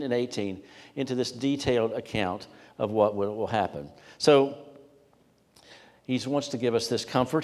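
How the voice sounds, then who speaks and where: A male pastor preaching an expository sermon. He swells with emphasis on key phrases and drops to quiet asides. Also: medium pitch. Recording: long hall reverb.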